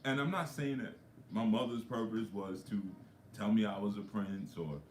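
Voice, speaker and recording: A low-pitched man tells stories to his livestream viewers. He speaks conversationally and keeps dropping in frequent asides. His voice echoes around a roomy space, with faint ambience underneath. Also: normal speed, slight background noise. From New York. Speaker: spiritual coach. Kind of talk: livestream talk.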